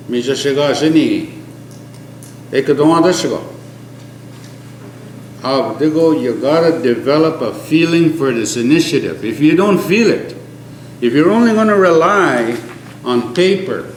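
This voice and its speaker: Earnest older man in an echoey room. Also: slight background noise. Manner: earnest and emphatic, often dropping to a low quiet tone. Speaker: elder giving an oral history. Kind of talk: impassioned oral testimony, mixing an Indigenous language with English. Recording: echoey room with faint ambience.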